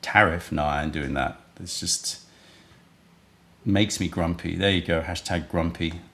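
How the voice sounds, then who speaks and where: A man with a low, gravelly voice hosts a casual live stream. He rambles, thinks out loud and chats loosely with his viewers. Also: a little slow. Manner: rambling, chatty, thinks aloud. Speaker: livestream host selling tea.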